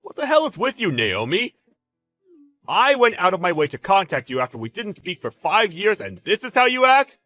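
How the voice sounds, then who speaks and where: An actor playing a brash, clueless ex-husband who gets defensive and whiny. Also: male voice, a little high, big pitch swings, normal speed, pushed and bright, soft background music, exaggerated voice. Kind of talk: audio drama acting.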